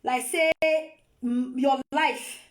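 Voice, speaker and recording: Nigerian woman, high voice, live phone video, scolding, repeats herself, lecturing tone. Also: fairly even intonation, slow pace. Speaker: vlogger.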